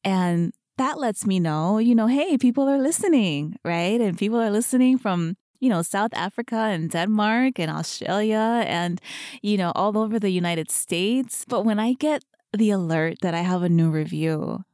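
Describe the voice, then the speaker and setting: Mellow-voiced woman podcast host. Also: medium pitch, expressive, normal speed, no echo, studio quality. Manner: earnest, heartfelt, chatty with frequent "you know". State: emotional, near tears. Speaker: podcast host and fitness coach. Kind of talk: casual solo podcast talk. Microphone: studio podcast microphone.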